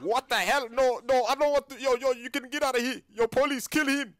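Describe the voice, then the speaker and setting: High-voiced, jumpy gaming man. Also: steady tone, brisk, fairly bright tone. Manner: jumpy, panicky, lots of "yo". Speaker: gaming YouTuber. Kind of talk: excited role-play gameplay chat.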